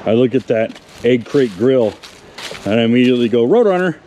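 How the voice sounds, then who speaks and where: A man's voice: mid-range voice, steady tone, brisk, warm tone, slight background noise. A man presenting a casual outdoor walkaround of old cars, chatting to viewers and talking to the cars themselves. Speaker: car magazine presenter. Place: outdoors in a wooded salvage yard.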